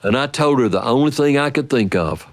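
An older man telling a family story in a folksy, playful, drawn-out way. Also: mid-range voice, expressive.

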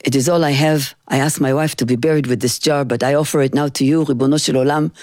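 A woman's voice: rumbling low, steady tone, fast talker, darkish tone, dry recording, clean studio sound. A woman telling of a poor, trembling man praying humbly. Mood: humble. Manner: humble, pleading, tearful.

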